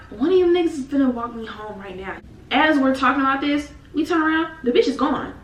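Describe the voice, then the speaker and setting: A young woman tells a storytime with lively, dramatic slang and a slightly high voice. She sits a little back from the mic in an echoey room, with faint noise behind her. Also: far from the mic. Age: young adult. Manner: animated, dramatic retelling with slang. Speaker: vlogger. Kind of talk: casual storytime.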